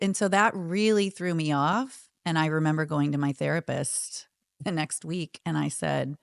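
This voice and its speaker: A woman's voice: deep voice, steady tone, moderate pace, gravelly, dry recording, clean studio sound. A middle-aged woman, a podcast guest, telling her story candidly and reflectively, acting out what friends and her therapist said.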